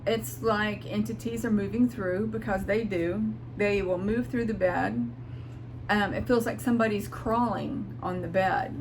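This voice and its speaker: A woman recounts a spiritual experience in an earnest, emotional, rambling way, circling back with restarts and sometimes close to tears. Her voice sits in a middle pitch, with a faint hum of noise behind it in a home room. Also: fairly even intonation, measured pace. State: near tears at times. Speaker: spiritual vlogger. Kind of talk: casual personal storytelling.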